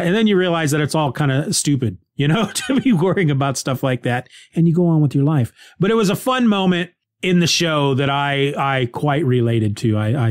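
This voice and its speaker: A man's voice: on the high side, no echo, studio quality. A man hosting a podcast, casually recapping a TV episode in a rambling way, restarting sentences and laughing lightly.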